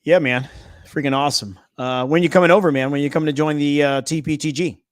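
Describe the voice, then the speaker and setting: An upbeat man hosts a live trading session, talking in a loose, playful, energetic way. He jokes with the people watching as he works through the charts. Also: fairly high pitch, fast talker. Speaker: trading stream host. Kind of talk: casual live-stream chat.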